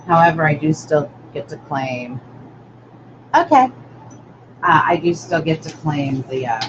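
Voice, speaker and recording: An older woman hosting a live-stream craft tutorial, rambling chattily and greeting viewers by name as she works. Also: deep voice. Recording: dull lo-fi audio with steady noise.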